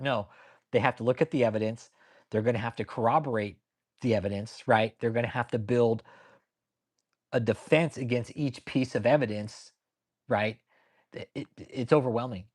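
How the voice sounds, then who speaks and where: A man's voice: mid-range voice, normal speed, a little mellow. A man hosting a casual commentary stream, talking bluntly and profanely in a rambling way and answering viewers by name. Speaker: channel host.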